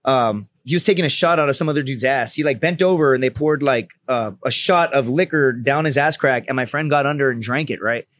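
A man in his thirties, a podcast guest, telling a story in casual, profane talk and loudly acting out the people he quotes. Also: mid-range voice, fairly quick, hardly any pauses, dry recording, studio quality.

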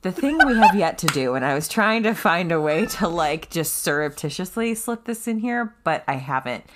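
A woman co-hosting a podcast in casual chat, brisk and wry as she runs through sign-offs. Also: on the low side, lively intonation, noisy background. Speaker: podcast co-host.

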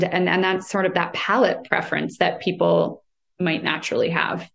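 American woman explaining cheese, low voice. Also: gravelly. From United States. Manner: thoughtful, explanatory, with many fillers and restarts. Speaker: cheese writer and commentator. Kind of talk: conversational interview answer.

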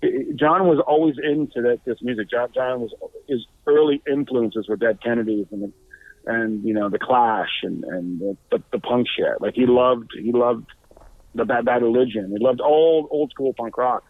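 A man telling rambling band stories in a loose, animated way. He stumbles through restarts, swears freely and jumps up in pitch when he acts out what others said. His voice comes through a thin, phone-like line with no room echo. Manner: halting, many restarts and swearing. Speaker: guest musician. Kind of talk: casual storytelling.

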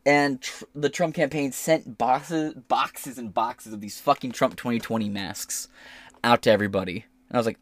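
A man hosts a casual podcast, breaking into profane, animated rants. His voice sits at a middle pitch and is recorded close on a podcast mic in a dry, dead room. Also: a little fast, dry recording. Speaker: podcast host. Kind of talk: casual commentary.

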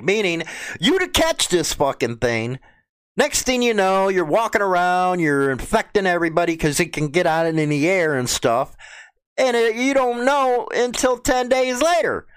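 A man's voice: high-pitched, big pitch swings, moderate pace, clear, resonant tone. A man with a Chicago accent who swears constantly, reads out news and angrily mocks it. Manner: crude, indignant, swears a lot. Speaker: vlogger. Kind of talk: profane political rant.

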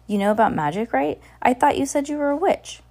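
A woman's voice: high-pitched, expressive, fairly quick, warm tone, pitched above the performer's own voice. Woman doing a confident girl witch, cheerful, encouraging, lilting voice.

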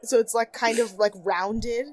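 A woman's voice: on the high side, fairly even intonation, unhurried, darkish tone. A young woman co-hosting a podcast, talking casually and animatedly, often quoting people in exaggerated voices and laughing. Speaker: podcast co-host. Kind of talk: casual chat.

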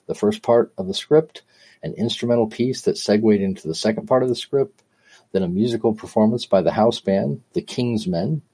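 A man hosting a podcast, reading a scripted introduction in a steady, informative way. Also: fairly low pitch, slightly rough. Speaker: podcast host.

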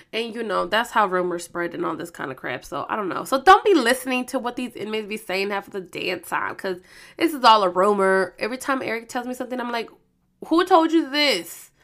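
A young adult woman telling a story in a casual vlog, animated and slangy, swearing freely as she talks to her viewers. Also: medium pitch. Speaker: vlogger.

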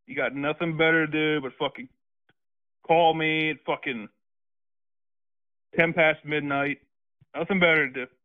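A man yelling threats down a phone line, his voice slightly high for a man and squeezed thin and tinny by the call. He is furious and profane, swearing nonstop at the caller. The sound is narrow and phone-like. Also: fairly even intonation, measured pace, long pauses. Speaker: prank call target. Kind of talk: angry phone argument. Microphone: telephone.

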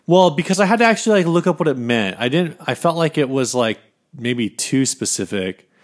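A man's voice: mid-range voice, expressive, a little fast. A man co-hosting a casual guitar podcast, rambling with restarts and dry jokes. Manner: rambling, many restarts and fillers, joking. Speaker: podcast co-host. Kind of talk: casual chat about guitars.

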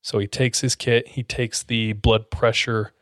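A man's voice: mid-range voice, flat delivery, measured pace, a bit bright, no echo. A man telling a creepy story to friends in a casual, suspenseful way with plenty of fillers, close to the mic. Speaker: podcast storyteller.

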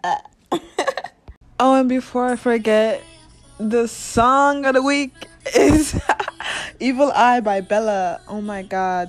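A woman's voice: a little high, slow pace, long pauses, soft background music. Profane, laughing woman podcast host. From Nigeria. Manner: candid and profane, laughing often, with chanted affirmations. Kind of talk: casual spiritual podcast monologue.

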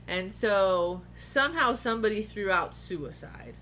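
A woman's voice: mid-range voice, animated, measured pace, fairly bright tone, a little hiss or hum. A woman telling a personal story in casual chat, candid and profane, often laughing as she talks.

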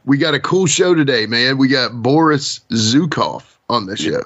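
Man, podcast co-host, rambling casual talk, husky voice, dry dull sound. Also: mid-range voice, lively intonation, moderate pace, fairly bright tone, no room sound. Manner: rambling, says man and dude a lot.

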